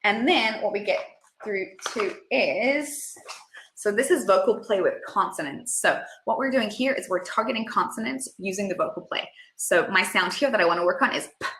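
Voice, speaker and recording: A woman speech and language therapist giving a webinar presentation and now and then breaking into playful, high, excited sound effects to show parents how. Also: moderate pace, echoey room.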